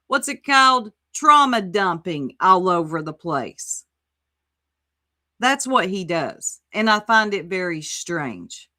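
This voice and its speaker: A woman's voice: on the low side, sing-song, takes it slowly, sharp tone. Sassy woman livestreamer reading chat. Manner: sassy, exclamatory, reads chat aloud. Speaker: livestream host. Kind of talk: casual commentary livestream.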